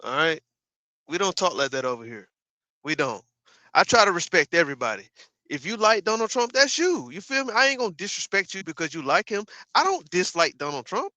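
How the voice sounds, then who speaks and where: Man ranting on a livestream, lively pitch. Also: a little fast, no room sound. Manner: profane, emphatic ranting with repeated asides to viewers. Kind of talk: casual livestream commentary.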